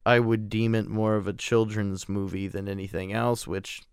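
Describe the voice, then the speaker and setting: A man with a low voice and a very smooth, resonant tone talks through a solo podcast episode. He rambles loosely, swears freely and pokes fun at himself. The sound is dry and close. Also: level tone, moderate pace, no echo. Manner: rambling, profane, self-deprecating. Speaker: podcast host reviewing films. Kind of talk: casual solo podcast talk.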